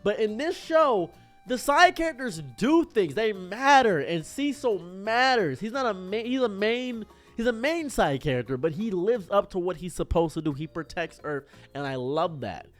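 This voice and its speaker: A man rambles excitedly in casual commentary, gushing and thinking out loud in a fairly high voice. Faint music plays under him. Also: moderate pace. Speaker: streamer reacting to a show.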